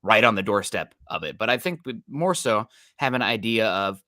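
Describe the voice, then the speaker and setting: Easygoing male sports podcast host, low bright voice. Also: lively intonation, moderate pace, no echo, studio quality. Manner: easygoing, greets viewers and reads their comments. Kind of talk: casual live-stream sports chat.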